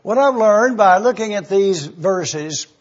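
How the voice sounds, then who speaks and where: A man's voice: sits high, expressive, takes it slowly. A man teaching a sermon, going through a verse word by word and spelling out Greek words letter by letter. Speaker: Bible teacher. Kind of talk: expository sermon. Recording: dull lo-fi recording.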